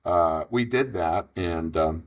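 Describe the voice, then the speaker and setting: A man in his fifties telling a long business story in an interview, animated and rambling, acting out the dialogue. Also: deep voice, slow. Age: 50s. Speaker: franchise investor guest.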